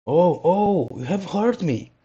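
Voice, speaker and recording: A man's voice: sits high, lively intonation, slow, mellow, husky, highs cut off, voice pushed up, heavily acted. A man voicing a mysterious childlike little voice that comes from inside a piece of wood, plaintive and teasing. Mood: doleful. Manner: plaintive, then giggly and teasing.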